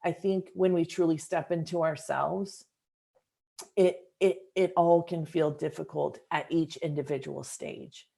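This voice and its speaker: Low, gravelly-voiced woman hosting a podcast. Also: fairly even intonation, measured pace, mellow. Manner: thoughtful, earnest, speaks to listeners directly. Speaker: podcast host. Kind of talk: reflective interview conversation.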